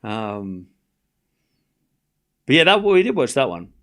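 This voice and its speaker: A man's voice: mid-range voice, sing-song, takes it slowly, a bit bright. Chatty man calling a tennis watchalong. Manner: chatty, jokey, calls scores while reading chat. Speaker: watchalong host. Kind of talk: casual live tennis watchalong commentary.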